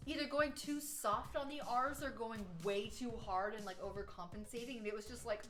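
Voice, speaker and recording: An American woman chatting casually on a live stream, telling rambling, animated stories. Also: on the high side, moderate pace, faint music behind. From United States. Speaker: streaming artist.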